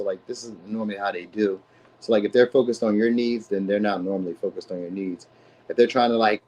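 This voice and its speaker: This tarot streamer is an adult man and a dad, and his voice runs on the low side, a little mellow, caught on a rough recording. He rambles through a laid-back live reading full of slang and repeated "you know what I mean"s.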